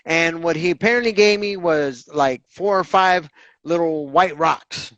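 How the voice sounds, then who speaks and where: A man telling his own recovery story in an interview, animated and candid, acting out the voices of others and swearing casually. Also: on the high side, a little slow, no room sound, highs cut off. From Southern California.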